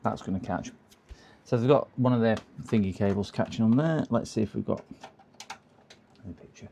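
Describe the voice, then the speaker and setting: A man's voice: lowish voice, moderate pace, vocal fry, dark tone, slight background noise. A man casually talking through a computer repair on a live stream, muttering to himself and chatting with viewers. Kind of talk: casual running commentary while working.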